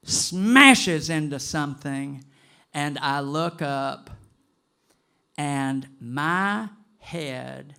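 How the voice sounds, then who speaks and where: A man in his late sixties telling a personal story to a live audience, animated and gossipy, with dramatic pauses. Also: fairly high pitch, creaky. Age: 60s.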